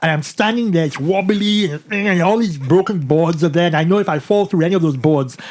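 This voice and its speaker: A man's voice: on the high side, fairly quick. A man co-hosting a podcast, telling a story casually with restarts and frequent "right?" checks. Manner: animated, restarts, tags "right?". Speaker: podcast co-host.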